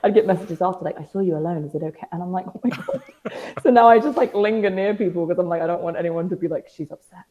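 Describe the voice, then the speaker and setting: A woman's voice: lowish voice, quick pace, mellow, poor audio. A young British woman chatting as a podcast guest, telling stories with dry, self-mocking humor and acted-out quotes. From Britain. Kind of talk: casual interview chat.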